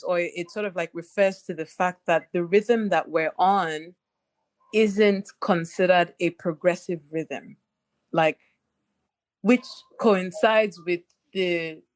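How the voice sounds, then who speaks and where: A woman's voice: lowish voice, dry recording. A woman from Nigeria, telling stories animatedly in a casual podcast conversation, with many restarts and fillers. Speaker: podcast co-host.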